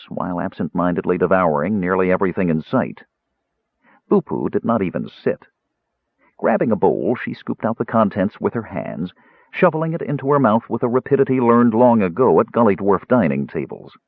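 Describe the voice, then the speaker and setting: A man giving a dramatic, lively narration of a fantasy audiobook. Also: on the low side, breathy edge, no echo. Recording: tinny phone-like dry recording.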